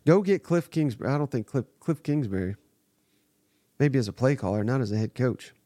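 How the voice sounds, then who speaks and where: A man's voice: mid-range voice, animated, a little fast, mellow, dry recording, clean studio sound. A man hosting a live sports reaction podcast, giving blunt, exasperated and profane commentary. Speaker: podcast host.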